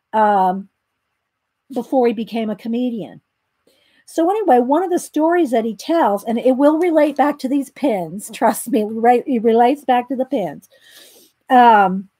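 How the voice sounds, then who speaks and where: A woman's voice: a little high, mellow, no room sound. A woman chats casually while she draws, rambling through a story with lots of ums and restarts. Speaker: art tutorial host. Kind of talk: casual chat while drawing.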